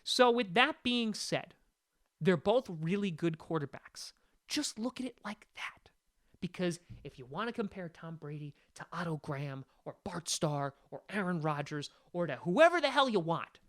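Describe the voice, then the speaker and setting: A man with a crisp, bright, fairly high voice hosts a sports show. He rants with exasperated emphasis, pressing each argument as though the debate is beneath him. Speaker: sports podcast host. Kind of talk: opinionated sports rant.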